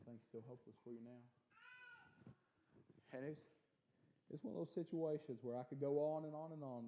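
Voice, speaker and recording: A man preaching a sermon in a church, swinging from shouted preaching to quiet, soft-spoken storytelling, often repeating and restarting words. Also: mid-range voice, a little hiss or hum. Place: church sanctuary.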